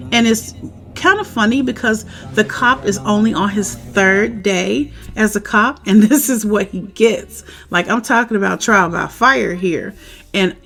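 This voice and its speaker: A woman, a parent, chatting casually outdoors in the wind as she recaps a TV episode and acts out the characters' lines with animated energy. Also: mid-range voice. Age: adult parent. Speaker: show recap vlogger. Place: outdoors, windy.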